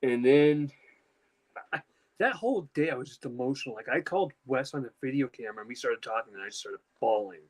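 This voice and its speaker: A man's voice: mid-range voice, lively intonation, a little fast, a little mellow, rough recording. A young man telling a personal story in casual chat, emotional and rambling, with lots of fillers and restarts. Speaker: podcast host.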